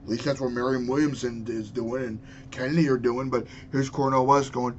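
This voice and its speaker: A young man vents angrily into his webcam, swearing freely as he rants. His voice sits at an ordinary mid pitch. The recording is a little muffled, with faint hiss underneath. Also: fairly even intonation, a little fast, few pauses. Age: 20s. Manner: angry, profane ranting. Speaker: vlogger. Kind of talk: political rant.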